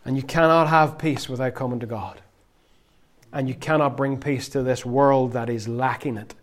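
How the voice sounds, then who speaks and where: A man preaching a sermon, swinging from loud, emphatic phrases to near-whispers and lingering on single words. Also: mid-range voice, steady tone, moderate pace.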